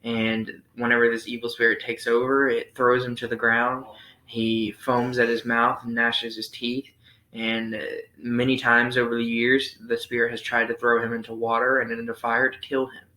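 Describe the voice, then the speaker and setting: A young man reading scripture aloud and explaining it in a relaxed youth Sunday school lesson, thinking aloud with frequent ums. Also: mid-range voice, normal speed. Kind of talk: Bible reading and casual lesson. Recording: roomy echo.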